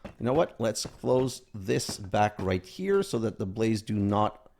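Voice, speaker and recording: A man's voice: on the low side, sing-song, slow, a little mellow, a little hiss or hum. A man hosting a gaming video, casually commenting as he plays and thinking aloud, sometimes counting items under his breath.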